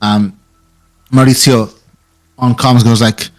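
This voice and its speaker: A man's voice: mid-range voice, steady tone, low-quality recording. A young man narrating as game master of a tabletop role-playing game, stopping often to search for words. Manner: halting, many fillers and restarts.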